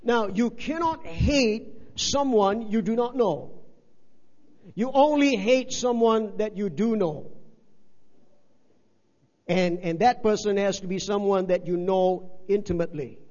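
Male pastor, high voice, emphatic repetitive preaching, reverberant dull hall recording. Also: takes it slowly, a little mellow. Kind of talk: sermon.

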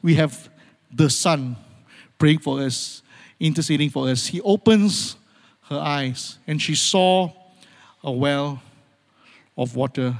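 A man delivers a sermon in a slightly high voice that carries a long reverb through a large hall. He moves between urgent, rising appeals and quiet, hushed moments, repeating key phrases and calling out amen. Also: takes it slowly, long pauses. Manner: dramatic swings from loud urgency to hushed near-whispers. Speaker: pastor.

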